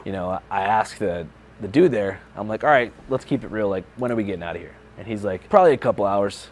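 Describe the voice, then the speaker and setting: A man's voice: lowish voice, lively intonation, fast. A young man, a journalist and video creator, casually recounting a story with lots of "like" and "you know". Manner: laid-back, filler-heavy, lots of "like".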